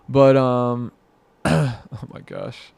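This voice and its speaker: Exasperated creaky-voiced man ranting. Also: medium pitch, fairly even intonation, extremely slow, darkish tone, no room sound. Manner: exasperated, mocking, muttering to himself with frequent laughs. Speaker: commentary vlogger. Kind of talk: rambling reaction commentary.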